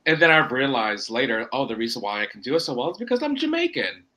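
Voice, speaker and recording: A man from Florida, a wrestler guesting on a podcast, telling a rambling story full of quoted self-talk and quick asides. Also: mid-range voice, very animated, sharp tone, rough recording. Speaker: indie pro wrestler guest. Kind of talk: casual podcast chat.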